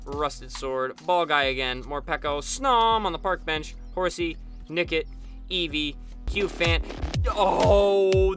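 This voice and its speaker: Upbeat young man calling out card pulls. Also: fairly high pitch. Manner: excitable, rattles off card names, bursts of cheering at good pulls. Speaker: channel host opening trading card packs. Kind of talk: casual pack-opening commentary.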